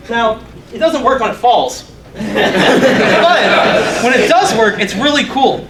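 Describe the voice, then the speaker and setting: Young guy doing a casual conference talk, swears a lot, jokes about himself, kinda high voice, echoey room. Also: animated, slow pace, crowd noise. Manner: loose, profane, joking, self-mocking. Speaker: conference speaker. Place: conference hall.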